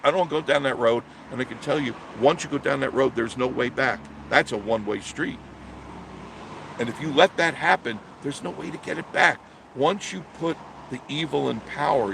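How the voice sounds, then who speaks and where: A man's voice: medium pitch, gravelly, noisy background. A man hosting a live stream, delivering a blunt, preachy monologue and answering viewer comments.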